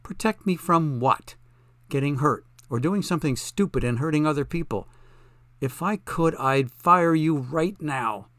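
A male narrator voicing an imperious, wealthy woman who talks in sharp, demanding bursts. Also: on the high side, lively intonation, measured pace, dry recording. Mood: indignant.

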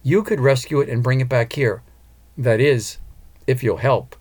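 A man's voice: mid-range voice, moderate pace, darkish tone, lightly acted. A man voicing an earnest, determined woman opera singer and mother in an audiobook. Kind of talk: audiobook character voice.

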